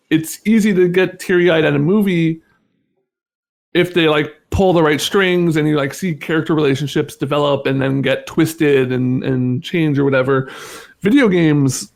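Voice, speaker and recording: Gravelly-voiced man, halting guest talk. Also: fairly high pitch. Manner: halting, full of restarts and fillers. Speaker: interview guest. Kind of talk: casual conversation.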